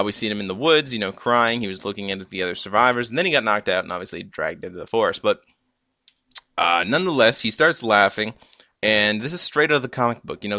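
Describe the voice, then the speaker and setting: A young man chats through a TV episode recap, stumbling over restarts and fillers as he goes. His voice sits low yet comes across bright and forceful. The sound is dry and close, with no room around it. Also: no echo. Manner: rambling, many fillers and restarts. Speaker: episode reviewer. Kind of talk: casual recap.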